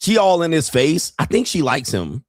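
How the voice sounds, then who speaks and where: A man's voice: on the high side, big pitch swings, moderate pace, no room sound, studio quality. A middle-aged man hosting a commentary show, reacting bluntly and crudely to viral clips with frequent laughter. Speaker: host.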